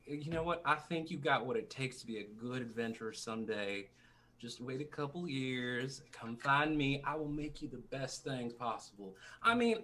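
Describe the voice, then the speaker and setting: A man's voice: medium pitch, bright, forceful tone. A man playing a tabletop game, talking in character in a playful way. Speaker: player.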